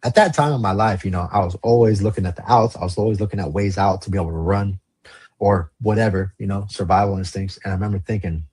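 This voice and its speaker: Podcast guest from the Valley, low raspy male voice, casual storyteller who swears and rambles. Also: fast, darkish tone. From Los Angeles, San Fernando Valley. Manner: casual, rambling, swears, heavy use of "like" and "you know". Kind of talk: candid storytelling interview.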